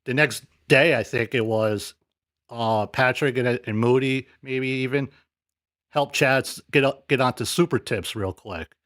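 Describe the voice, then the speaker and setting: A man's voice: mid-range voice, unhurried, a bit bright, no room sound, clean studio sound. Laid-back man commenting on clips. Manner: hesitant, many fillers, laid-back. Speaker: show host reviewing clips. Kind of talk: casual commentary.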